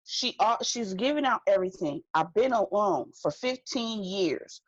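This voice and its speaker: A woman's voice: mid-range voice, expressive, moderate pace, no echo, highs cut off. Slangy, emphatic woman podcaster. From California. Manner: emphatic, slangy, advice-giving. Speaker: podcast co-host. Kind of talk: casual recap chat.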